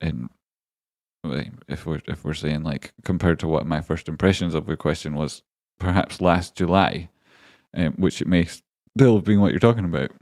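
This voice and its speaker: A man's voice: sits low, normal speed, a little mellow, no echo, studio quality. A man rambling through live chart analysis, joking and talking to viewers by name. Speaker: stock market streamer. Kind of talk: live-streamed chart analysis and chat reading.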